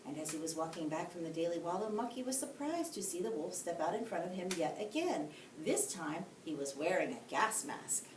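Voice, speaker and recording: A woman teacher reads a bedtime story aloud with a lively, swooping voice and chatty asides to young listeners. The room is echoey and the mic sits some way off. A faint hiss runs underneath. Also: lowish voice, brisk, hardly any pauses, distant mic.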